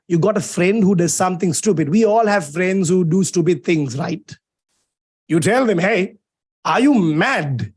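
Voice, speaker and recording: A young man with a Sri Lankan English accent teaches a poem in a lively live lecture, with a fairly high voice. He teases his students and draws out key words slowly for dramatic effect. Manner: lively, playful and teasing, drawn-out dramatic emphasis.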